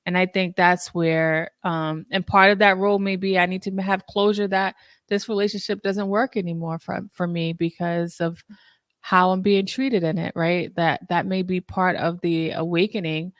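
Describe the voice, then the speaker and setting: A woman's voice: on the low side, flat delivery, normal speed, no echo, studio quality. Thoughtful woman therapist hosting a podcast. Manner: thoughtful, reflective, with fillers. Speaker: therapist host. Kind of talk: podcast conversation.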